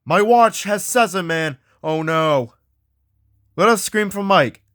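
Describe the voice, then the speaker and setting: A man hosting an acted ghost hunt, excitable and often yelling out names. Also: high voice, takes it slowly, smooth, no echo, clean studio sound.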